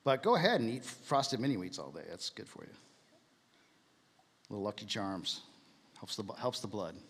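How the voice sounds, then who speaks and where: A man's voice: on the low side, sing-song, moderate pace, slightly rough, in a large hall. A man giving a casual, jokey church talk, asking the room questions as he goes.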